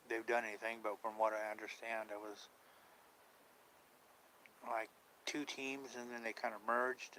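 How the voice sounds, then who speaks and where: A man's voice: fairly low pitch, fairly bright tone, a little hiss or hum, rough recording. A man chatting casually on a live stream about paranormal outings, rambling, unsure and trailing off mid-thought.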